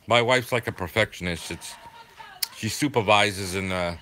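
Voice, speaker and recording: An older man from southeastern Massachusetts with a local accent, casually chatting with viewers on a livestream in a rambling, halting way. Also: on the low side, pushed and bright. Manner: rambling, halting, full of fillers. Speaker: livestream host. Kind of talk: casual chat reading viewer comments.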